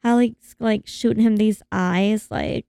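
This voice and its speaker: A woman's voice: mid-range voice, fairly even intonation, unhurried, creaky, mellow, smooth, dry recording, clean studio sound. A woman in casual chat, recapping a film and animatedly acting out the characters' lines in voices. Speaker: podcast co-host recapping a film.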